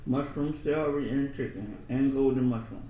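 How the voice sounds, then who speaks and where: A man in casual chat at home, telling slangy, joking stories in an animated way. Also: mid-range voice, moderate pace, dull audio, slight background noise. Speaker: co-host of a family channel. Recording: echoey room, a bit far from the mic.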